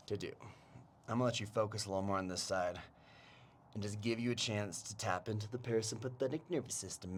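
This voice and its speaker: A man on the low side of the pitch range instructs a home mobility class through a new microphone. Between coaching cues and countdowns he jokes and laughs. Outside, a lawn blower can be heard, and there's a slight hiss or hum.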